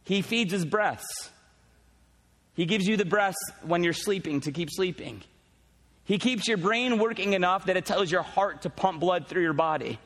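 A man's voice: high voice, normal speed, fairly bright tone, big-room sound. A male pastor preaching a sermon at a church service, conversational and teasing with casual asides.

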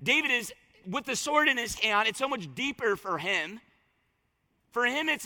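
A man's voice: very high-pitched, animated, moderate pace, long pauses, bright, forceful tone, long reverb tail. A man preaching a sermon as a pastor, fervent and colloquial, repeating lines for emphasis.

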